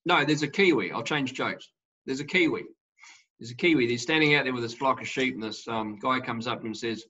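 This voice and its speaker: Bright-voiced man telling jokes on a call. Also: mid-range voice, quick pace. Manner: relaxed storyteller, laughs through his jokes. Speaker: winemaker. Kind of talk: casual chat on a video call. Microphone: video call. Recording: muffled lo-fi video call audio.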